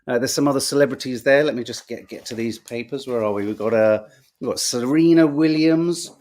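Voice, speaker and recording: A man's voice: medium pitch, a little fast, darkish tone. A man hosting a podcast, reviewing the papers in a chatty, wry, sarcastic way and musing aloud as he goes. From Britain. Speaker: podcast host. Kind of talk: casual newspaper review chat.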